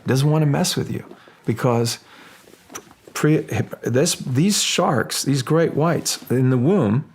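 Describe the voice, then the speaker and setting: A man speaking as a guest in an interview, halting and restarting, then animated when telling stories. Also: medium pitch. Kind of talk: casual interview talk.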